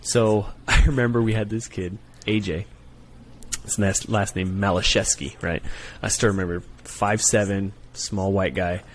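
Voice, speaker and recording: A man, a Marine gunnery sergeant and former recruiter, telling stories on a podcast in a profane, animated way that keeps checking in with "right?". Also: on the low side, a little slow, a little hiss or hum. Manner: profane, animated storyteller, peppers talk with "right?". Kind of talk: casual podcast storytelling.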